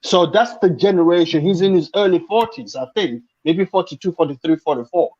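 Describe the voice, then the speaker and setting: A man on a video call, his voice sitting a little high for a man and coming through dull and muffled. He explains things at length, restarting his sentences and filling gaps with "uh". The talk is casual and opinionated. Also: a little fast, darkish tone. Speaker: panel guest. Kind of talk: casual panel chat.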